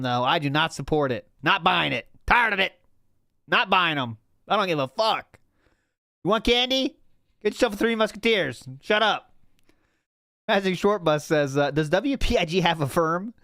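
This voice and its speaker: A man's voice: a little high, normal speed, a bit bright, dry recording, clean studio sound. Laid-back profane man hosting a livestream. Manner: loose, profane, laughs often, reads chat aloud. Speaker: podcast host. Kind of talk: casual livestream watch-party chat. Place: home studio.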